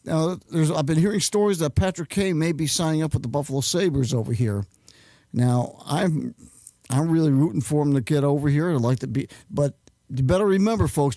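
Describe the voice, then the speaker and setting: Flustered man with a dark dry voice. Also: a little high, no room sound. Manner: flustered, muttering while fumbling with equipment. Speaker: host. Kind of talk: rambling casual monologue.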